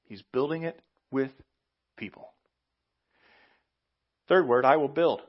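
A man preaching a sermon as pastor, emphatic and animated, with sudden loud outbursts and slow, drawn-out phrases. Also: medium pitch, muffled recording.

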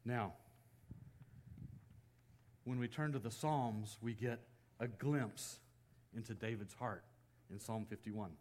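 A man preaching, retelling an old story with lots of expression. He acts out each quoted line, getting loud and high for outbursts and dropping to a near hush for the solemn parts. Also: unhurried, slight background noise. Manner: storytelling, acting out quoted lines with swings of pitch and loudness. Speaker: pastor. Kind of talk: sermon.

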